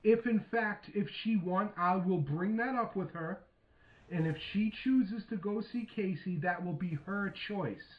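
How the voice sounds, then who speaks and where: A man calmly and patiently explaining himself during a heated phone argument. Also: high-pitched, measured pace. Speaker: host. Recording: dull lo-fi sound.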